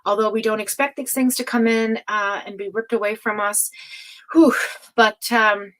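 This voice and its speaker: A woman hosting a tarot reading livestream, talking casually and affectionately to viewers, with many fillers, sighs and soft laughs. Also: mid-range voice, fairly even intonation, moderate pace, rough recording. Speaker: tarot reader and livestream host.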